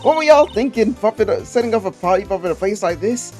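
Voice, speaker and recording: A man's voice: high-pitched, animated, fast, a little mellow, soft background music, pitched above the performer's own voice. A man putting on a brash Southern drawl to voice a bossy, middle-aged woman photographer in a video game playthrough. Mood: scolding. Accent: put-on American Southern drawl. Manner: bossy, scolding, folksy.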